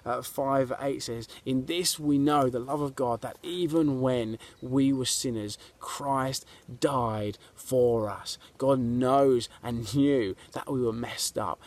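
A man's voice: mid-range voice, darkish tone. A man preaching a sermon to people watching online, earnest and conversational, asking his listeners questions as he goes. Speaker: pastor. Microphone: video to online viewers.

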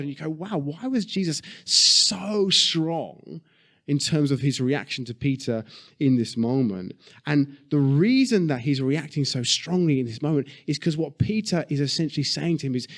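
A man's voice: a little high, animated, moderate pace, a bit bright. A man preaching a sermon in a conversational way, often checking in with his listeners. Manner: conversational, frequent "yeah?" check-ins.

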